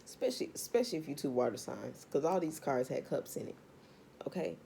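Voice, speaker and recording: A woman's voice: low-pitched, very animated, fast talker, creaky, dark tone, slight background noise. A woman doing a casual tarot reading vlog, talking straight to her viewers in a blunt, profane rant. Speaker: tarot reader.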